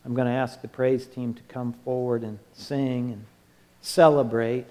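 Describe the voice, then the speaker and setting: Music plays beneath long hall reverb as a pastor delivers an impassioned sermon in a sanctuary, his cadence rising and falling with heavy repetition. He has a mellow, mid-range voice, level in tone and measured in pace.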